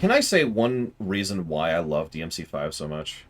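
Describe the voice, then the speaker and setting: A man's voice: low-pitched, sing-song, moderate pace, a little hiss or hum. A man streaming a game, chatting in rambling asides about what he plays. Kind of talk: casual game commentary.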